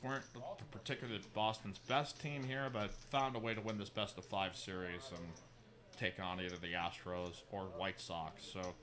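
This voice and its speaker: A man's voice: low-pitched, steady tone, normal speed, crowd noise. A man giving live play-by-play poker commentary in an easygoing way, with chatty asides.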